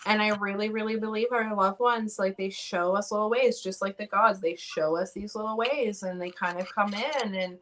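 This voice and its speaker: Woman guest, bright tone, earnest, laughs easily. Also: medium pitch, fairly even intonation, normal speed, hardly any pauses, a little hiss or hum. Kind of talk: casual chat.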